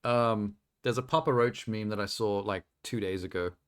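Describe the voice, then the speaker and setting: A man's voice: lowish voice, moderate pace, clear, resonant tone. A man streaming a video game, chatting casually and rambling through asides with a self-deprecating humor. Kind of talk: casual live-stream commentary.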